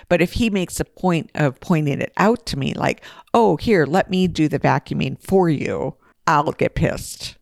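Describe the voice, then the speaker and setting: Woman with a gravelly creaky voice. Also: deep voice, dry recording, studio quality. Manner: candid and emphatic, laughs easily. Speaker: podcast co-host. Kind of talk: casual conversation.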